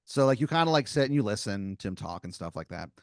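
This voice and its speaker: A man's voice: fairly low pitch, big pitch swings, fast, no echo, clean studio sound. A man on a comedy podcast improvising a second-person story, rambling with lots of filler words. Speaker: podcast co-host telling a scenario.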